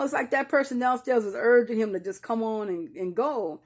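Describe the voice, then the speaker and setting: An older woman, a grieving mother, speaks to her viewers in a slightly high voice at a moderate pace, telling a personal story. She addresses them directly as "y'all," repeating and restarting sentences as she recalls painful memories.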